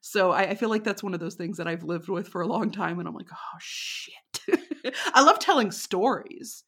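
A woman's voice: mid-range voice, expressive, moderate pace, pushed and bright, breathy edge. A woman from Texas with a Texan accent, a podcast guest telling stories in a casual, chatty way, laughing often and filling her talk with fillers. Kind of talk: casual storytelling.

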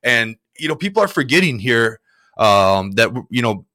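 A man's voice: medium pitch, very animated, normal speed, sharp tone, dry recording, studio quality. A man co-hosting a sports betting podcast, talking casually and rambling with lots of fillers. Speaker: podcast co-host.

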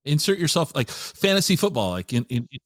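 A man's voice: a little high, sing-song, fairly quick, a bit bright, dry recording, clean studio sound. A man hosting a casual chat, asking a guest questions in a playful way.

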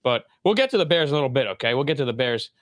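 A young adult man hosting a casual sports talk show, animated and quick to jump into high voices. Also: dry recording, clean studio sound. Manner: animated, jumps into high voices when quoting. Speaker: podcast host.

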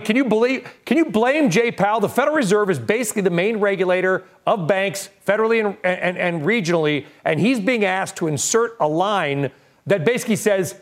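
Male news anchor with a fairly high voice and lively, swinging pitch, brisk and animated as he runs the segments. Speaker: news show host. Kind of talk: cable news presenting.

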